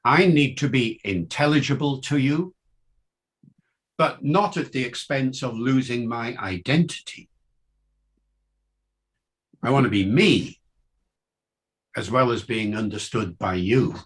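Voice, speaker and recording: An older man from Wales, a linguist giving an academic lecture in measured, emphatic phrases with rhetorical questions. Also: mid-range voice, lively intonation.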